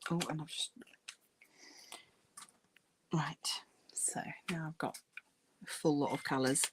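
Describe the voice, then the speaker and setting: A woman's voice: deep voice, fairly even intonation, slow pace, a little hiss or hum. A woman hosting a crafting livestream, chatting casually with many fillers while she paints and murmurs to herself.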